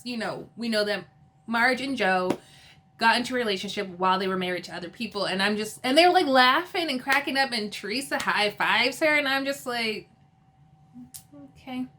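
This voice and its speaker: A woman's voice: fairly high pitch, expressive, normal speed, long pauses, sharp tone, a little hiss or hum. A woman chatting casually as she recaps a TV episode, filling her speech with "like" and laughing often. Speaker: TV episode reviewer.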